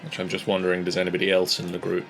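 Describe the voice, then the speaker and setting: A man narrating a tabletop game as game master, slow and halting, with long pauses. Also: low-pitched, monotone, gravelly, fairly bright tone, faint music behind.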